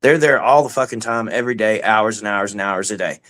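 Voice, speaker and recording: A man's voice: fairly low pitch, fairly quick, a bit bright. A man telling street stories in casual chat, swaggering and profane. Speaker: street banjo busker.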